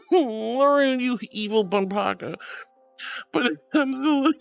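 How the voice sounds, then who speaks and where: A woman's voice: high voice, expressive, slow pace, gravelly. A young woman streamer chatting playfully with her viewers, giggling often, with faint music behind her. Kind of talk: casual live-stream chat.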